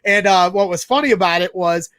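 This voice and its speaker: A man hosting a casual sports talk show, telling a long anecdote in an animated, rambling way. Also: high-pitched, a little fast, no room sound, clean studio sound. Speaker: podcast host.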